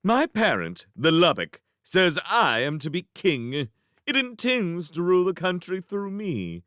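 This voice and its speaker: A scheming young prince, a storybook villain who plays every threat for drama, as a man reads him. His voice is pitched up and drawn out slowly on the menacing words, with a bright, forceful edge. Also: sing-song, clean tone, no room sound, studio quality, exaggerated voice. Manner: theatrical and menacing.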